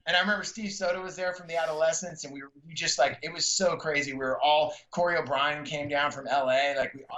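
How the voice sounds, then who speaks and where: A middle-aged man from the San Francisco Bay Area tells stories in a casual, slangy way and keeps acting out quotes in a raised voice. His voice sits a little high and sounds bright and forceful. The recording has a roomy echo and a slightly dull tone. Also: fairly even intonation, fast, slight background noise. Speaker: stand-up comedian and podcast guest. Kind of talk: casual storytelling interview.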